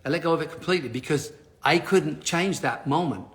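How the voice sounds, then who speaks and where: A man telling a story on a live stream as a motivational speaker, animated, often laughing and swearing casually. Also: fairly high pitch, a little fast.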